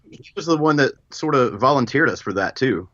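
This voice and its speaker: A man calling in as a guest musician, talking in a relaxed, easygoing way with a lot of hedging. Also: mid-range voice, fairly quick. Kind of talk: casual interview chat. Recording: dull phone-line call.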